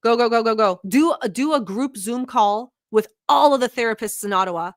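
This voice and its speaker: A woman from the Middle East, not a native English speaker, hosting a vlog with blunt, profane and animated reaction commentary. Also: on the high side, a little fast, dry recording, studio quality. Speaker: vlog host.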